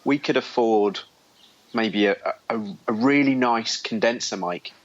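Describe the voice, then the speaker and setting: Casting: male co-host, mid-pitched, teasing and self-mocking, dull lo-fi call sound. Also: measured pace. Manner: joking, self-mocking banter. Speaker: podcast co-host. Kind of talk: casual chat. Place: call from abroad. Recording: muffled online call audio.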